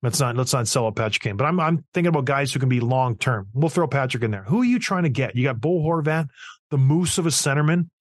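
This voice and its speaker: A man hosting a casual hockey talk show, firing off excitable, rapid questions. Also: mid-range voice, no room sound, studio quality. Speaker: sports talk show host.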